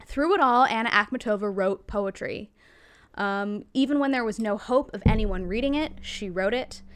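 A woman's voice: medium pitch, normal speed, clear, resonant tone. A woman co-hosting a podcast in casual chat, chatty with frequent ums and self-corrections. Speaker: podcast co-host.

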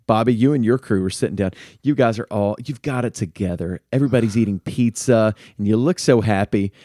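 A man's voice: lowish voice, fairly quick, warm tone, no echo, studio quality. A man hosting a podcast in casual chat, playful and teasing. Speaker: podcast host.

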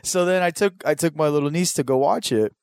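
A man's voice: on the high side, fairly quick, vocal fry, a little mellow, clean tone, dry recording. A man chatting casually on a podcast, telling rambling stories full of swearing. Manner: profane, rambling storytelling.

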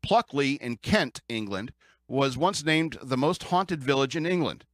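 A man's voice: medium pitch, animated, unhurried, fairly bright tone, dry recording, studio quality. Laughing, rambling American man. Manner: rambling, jokey, laughs often, many restarts. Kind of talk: casual news commentary.

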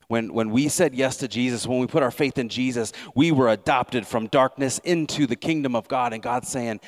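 A man's voice: medium pitch, normal speed, few pauses. A man preaching a sermon as pastor, earnest and repeating words as he builds each point.

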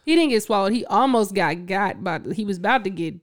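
A woman co-hosting a casual podcast, chatting about an anime, quick to correct details and laughing easily. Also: medium pitch, lively intonation. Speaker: podcast co-host. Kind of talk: casual anime recap chat.

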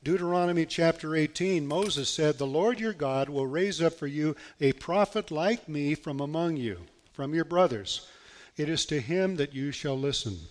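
A man's voice: a little high, moderate pace. A male pastor preaching a sermon, reading scripture aloud in an earnest, emphatic way. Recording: long hall reverb.

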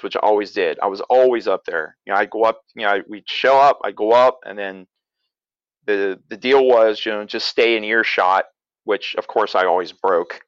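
Low-voiced man telling a family story. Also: normal speed, fairly bright tone, dry recording, dull audio. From south-central Pennsylvania. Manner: rambling, chuckling, self-correcting. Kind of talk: casual storytelling.

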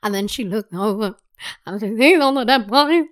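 A woman talks about a show, expressive and quick to act out what the characters said. Her voice sits a little high. She keeps the chat casual throughout. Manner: expressive, acts out quotes. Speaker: show reviewer.

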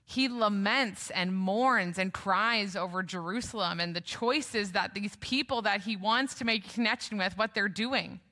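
A woman's voice: medium pitch, unhurried, hardly any pauses, pushed and bright. A woman preaching a sermon in a conversational way, often asking the congregation questions.

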